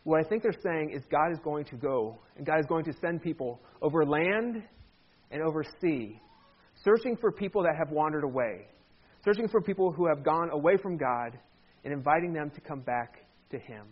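A man with a high voice preaches to his congregation in a relaxed, conversational way, slipping in jokes along the way. The sound is dull and lo-fi, like a church sermon recording. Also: moderate pace, breathy edge. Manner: conversational, joking asides. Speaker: pastor.

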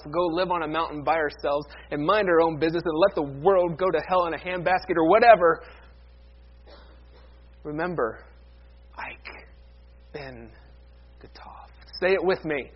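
A man preaching a sermon as pastor, emphatic, moving from loud declarations down to hushed near-whispers. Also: a little high, slightly rough, lo-fi sound.

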